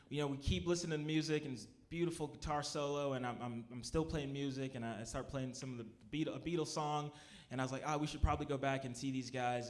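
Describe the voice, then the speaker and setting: A man telling a comic personal story live on stage, animated and jumping into loud high voices when he acts out his friends. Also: noisy background. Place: small cultural center stage before an audience.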